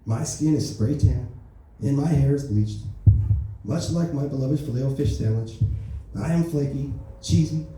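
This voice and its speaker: Lightly acted and mellow, a man's mid-range voice moves at normal speed as he does a bragging, rambling, brash older-president bit at an open mic. The echoey club is recorded through a distant mic with slight background noise.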